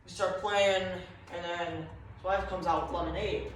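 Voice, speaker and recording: A man tells a meandering comic story in a confused, wandering way. His voice sits a little high. He is set back from the microphone in a very echoey room with faint background noise. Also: flat delivery, moderate pace. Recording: echoey room, far from mic.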